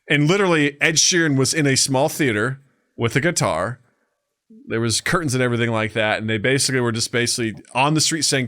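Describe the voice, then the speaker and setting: Man, podcast co-host, animated storyteller, bright sharp tone. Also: mid-range voice, fast. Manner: animated storyteller who acts out scenes with voices. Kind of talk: casual podcast chat.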